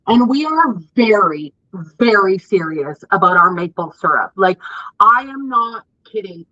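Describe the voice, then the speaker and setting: Bright-voiced Canadian woman host. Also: medium pitch, lively intonation, a little slow, no room sound, dull audio. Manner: gushing, emphatic. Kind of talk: casual chat.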